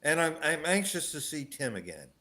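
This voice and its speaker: A man's voice: a little high, sing-song, normal speed, pushed and bright. Grumbling male caller on a live show. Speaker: regular caller. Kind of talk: phone-in chat.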